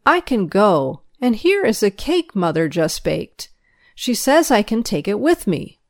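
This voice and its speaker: A woman reading a storybook aloud and voicing a cheerful, helpful five-year-old boy who talks in a bright, eager way. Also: mid-range voice, big pitch swings, measured pace, no room sound, studio quality. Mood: delighted.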